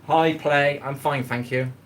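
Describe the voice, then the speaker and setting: His mid-range voice has fairly even intonation and a measured pace, with a little hiss or hum behind it. The man hosts a casual live cooking stream seated on a chair in his home kitchen, rambling, greeting viewers by name, and swearing freely.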